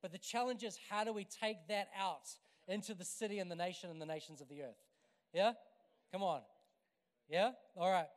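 A man preaching a sermon to a congregation, energetic and building to loud, emphatic passages. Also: high-pitched, normal speed. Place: church hall, evening service. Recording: long reverb of a church hall.

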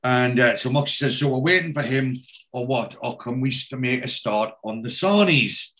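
Here a man with a mid-range, slightly bright voice talks at a moderate pace. He's a podcast host going through a TV episode scene by scene, sliding into the characters' dialogue without really changing his voice, and padding pauses with ums and restarts.

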